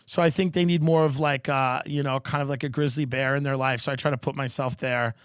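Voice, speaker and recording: A man hosting a podcast from his room, joking in a rambling, deadpan way in casual chat. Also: medium pitch, a little fast, clean tone, dry recording, clean studio sound. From United States. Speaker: podcast host.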